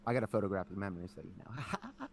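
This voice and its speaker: A man co-hosting a podcast in casual chat, telling animated stories with lots of "like" and acting out his family. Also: lowish voice, quick pace, gravelly, slight background noise. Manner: animated storyteller, lots of "like", acts out family members. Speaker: podcast co-host.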